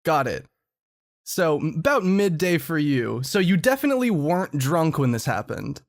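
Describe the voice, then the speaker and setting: A man's voice: fairly high pitch, sing-song, moderate pace. A man co-hosting a casual comedy podcast, sarcastic and exasperated, swearing a lot. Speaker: podcast co-host.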